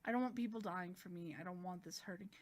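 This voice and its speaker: A woman's voice: on the low side, quick pace, voice pushed down, close to an everyday voice. A woman voicing a defiant young girl from a manga, a god's unwilling bride, talking bluntly and sharply. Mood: earnest.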